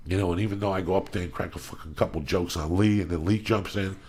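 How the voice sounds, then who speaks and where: A middle-aged man hosting a podcast, ranting in a loud, profane, rambling way, with a stuffy nose. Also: sits low, fairly even intonation, fast talker, slightly rough. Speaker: podcast host. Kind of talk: profane casual podcast rant.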